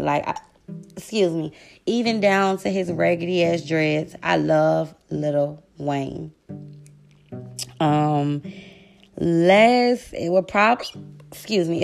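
A woman's voice: on the low side, creaky, darkish tone. A woman, chatting casually to camera through a question list while hiccupping and burping and excusing herself often. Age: 20s. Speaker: vlogger.

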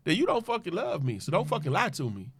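A man's voice: high voice, huge pitch swings, fast talker, a bit bright, slightly rough, no echo. A man in casual podcast banter, talking bluntly and profanely, preaching his views.

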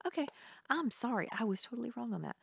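A woman co-hosting a casual chat, blunt and animated, swearing freely. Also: a little high, fast talker, creaky, husky, no room sound, clean studio sound. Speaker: podcast co-host.

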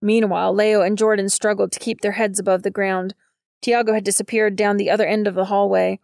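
A woman narrating an audiobook in a steady, measured reading. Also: mid-range voice, creaky, dry recording, clean studio sound.

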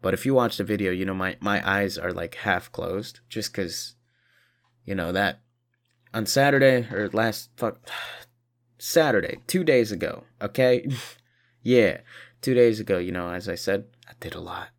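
A man's voice: on the low side, unhurried, pauses often. A tired man rambling profanely through a casual video monologue, short on sleep. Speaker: vlogger.

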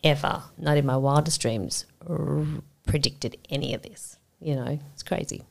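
A woman's voice: sits low, moderate pace, vocal fry. A woman in her forties from Sydney with an Australian accent, a podcast guest talking candidly, reflective and rambling with many fillers. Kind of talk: candid conversational interview.

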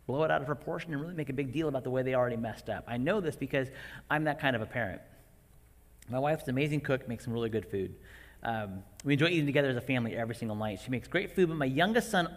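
A man in his forties preaching a sermon to parents, animated and acting out his own outbursts. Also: mid-range voice, quick pace. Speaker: pastor. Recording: long hall reverb.

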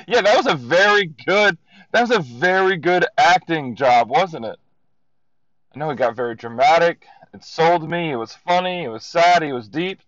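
A man co-hosting a podcast, from Florida, rambling excitably and laughing as he records a message to his friend from his car. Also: on the high side, normal speed, dry recording, dull audio. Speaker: podcast co-host. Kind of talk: casual voice-memo chat while driving. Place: in a car in traffic.

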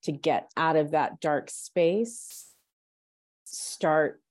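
Earnest woman coach, gently guiding. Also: low voice, slow pace, vocal fry, dry recording, clean studio sound. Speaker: coach and mediator, podcast guest. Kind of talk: podcast interview.

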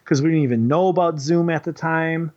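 Rambling, profane man with a slightly high voice. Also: brisk. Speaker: kindergarten teacher. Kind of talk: casual storytelling chat. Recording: dull lo-fi recording.

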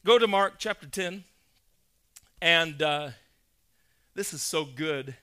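A male pastor preaching a sermon, emphatic, building to loud, insistent peaks and quizzing his congregation. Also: fairly high pitch, slow, clear, resonant tone.

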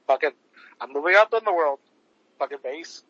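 A man's voice: fairly high pitch, expressive, normal speed, bright, forceful tone, dry recording. A man co-hosting a podcast, telling a story in a rambling, profane way, full of fillers, on a dull lo-fi recording. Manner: rambling, swears often, lots of fillers. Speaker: podcast co-host. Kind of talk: casual profane chat. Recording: dull lo-fi sound.

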